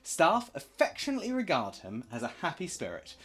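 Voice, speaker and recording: A man's voice: on the high side, wildly swooping pitch, brisk, fairly bright tone, faint music behind. A man giving a casual, rambling slideshow presentation for a charity stream, full of jokey asides and self-corrections.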